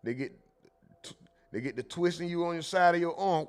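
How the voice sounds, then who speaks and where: Streamer type: high-pitched man, animated and loud in bursts, casual chat-reading host. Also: moderate pace, pauses often, smooth. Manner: animated, loud bursts, mimics people in quotes, laughs. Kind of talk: casual live stream commentary.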